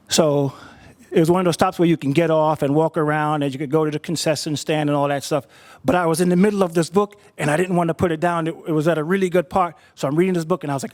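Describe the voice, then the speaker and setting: A man telling a personal story in an easy, conversational way, often repeating a word as he gathers his thoughts. His voice sits high for a man. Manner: conversational, repeats words while thinking.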